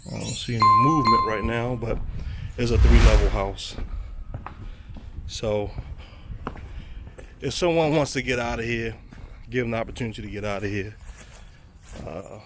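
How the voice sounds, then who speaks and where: A man's voice: mid-range voice, moderate pace, long pauses, a bit bright, faint music behind. A man narrating a vlog outside a vacant house, growing more and more exasperated. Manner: exasperated, building up heat. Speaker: property manager vlogger.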